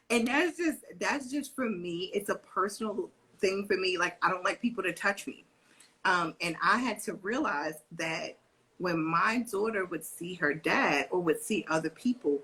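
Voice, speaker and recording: On a live video chat about parenting, a co-host and parent educator with a husky mid-range voice speaks at a normal pace. She tells stories with animation, voicing members of her family and especially her daughter, in a low-quality recording.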